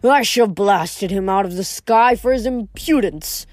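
A woman's voice: medium pitch, a little slow, darkish tone, no echo, studio quality, natural voice. A woman reading aloud, voicing a stern, menacing male king of the gods who grumbles threats.

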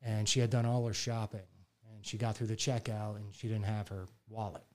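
A man's voice: fairly low pitch, level tone, fairly quick. A middle-aged man telling stories in a casual podcast chat, acting out quoted voices and laughing often. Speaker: podcast guest.

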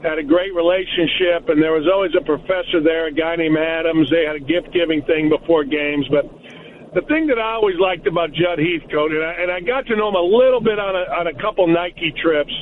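A man's voice: on the high side, fairly quick, a little hiss or hum. Blunt man on a tinny phone line. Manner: rambling, blunt. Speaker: former basketball coach, guest analyst. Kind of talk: casual sports talk.

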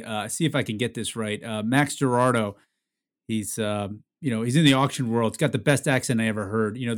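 Playful, curious man co-hosting. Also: medium pitch. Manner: curious, quick to interject, playful. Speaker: podcast host. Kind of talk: casual conversational chat.

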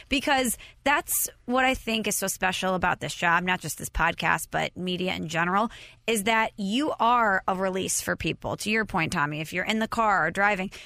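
A woman's voice: mid-range voice, normal speed, gravelly, sharp tone, dry recording. Lady hosting a podcast, upbeat and teasing, dry close sound. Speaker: podcast host. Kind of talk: casual podcast chat.

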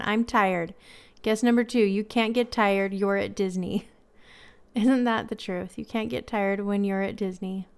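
A woman's voice: medium pitch, clean tone. A woman hosting a podcast, reading listener stories aloud in a casual chat with frequent laughs. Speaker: podcast host.

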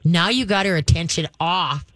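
Radio call-in host, dog trainer, plainspoken and animated, mid-pitched voice, dry close studio sound. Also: moderate pace, dry recording. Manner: animated, squeamish, plainspoken coaching. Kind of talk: call-in advice show.

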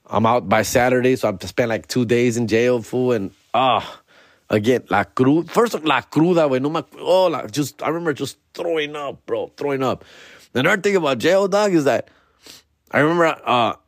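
Man, young, podcast host, swears a lot, slips into Spanish, mid pitch, dry close sound. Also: animated, moderate pace, no room sound. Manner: profane slang-heavy storytelling mixed with Spanish. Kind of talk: casual storytelling.

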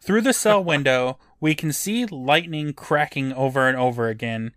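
A man in the middle range of pitch recaps a television episode for a podcast, laying out the plot in a dry, matter-of-fact way. His voice is recorded close and dry, with no room sound around it. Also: normal speed, fairly bright tone, dry recording. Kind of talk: casual recap narration.

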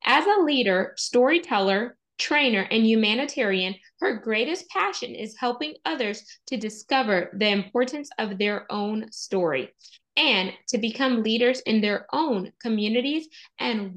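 A woman's voice: a little high, a bit bright. A woman hosting a podcast interview, who introduces her guest with enthusiasm. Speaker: podcast host.

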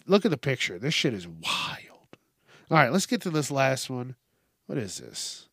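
A man with a slightly higher voice talks slowly and deliberately, hosting his own news podcast. He swears constantly, laughs at his own jokes and rants with animated disbelief. The sound is dry and close, with no room around it. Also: no echo. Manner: profane, animated and laughing often. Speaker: podcast host. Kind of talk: casual solo news commentary.

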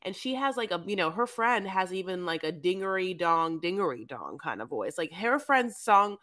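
A woman co-hosting a podcast, chatting casually and riffing playfully about a reality show in a rambling, animated way. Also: lowish voice, moderate pace. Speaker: podcast co-host.

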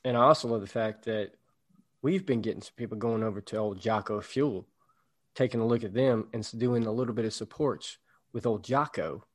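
A man's voice: fairly low pitch, fairly quick. A man co-hosting a podcast, talking through ideas in a rambling, reflective way during casual chat. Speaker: podcast co-host.

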